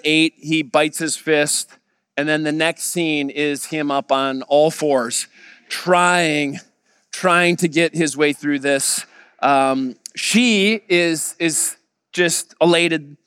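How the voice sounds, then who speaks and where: A man pastor delivering a sermon, retelling a story and quoting others in a lively voice. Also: on the high side, slow, clean tone, dry recording, long reverb tail. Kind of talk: sermon with anecdote.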